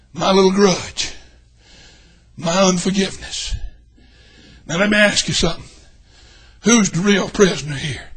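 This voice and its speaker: An older preacher with a very high, husky voice delivers a folksy church sermon. His tone is bright and edgy, and he swings from hollering to near-whispers. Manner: folksy, swings from shouting to hushed.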